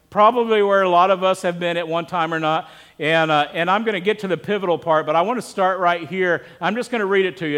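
A man with a high, light voice preaches to his congregation. He keeps it conversational and draws the room in with questions and asides. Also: fairly bright tone. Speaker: pastor. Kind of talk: sermon.

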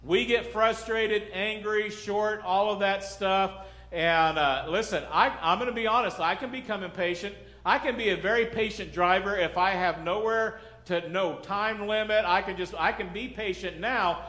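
A middle-aged pastor preaching a sermon in a loose, conversational way, joking, acting out little scenes and asking the congregation questions. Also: male voice, sits high, normal speed, pushed and bright. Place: church sanctuary. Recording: echoey church hall.

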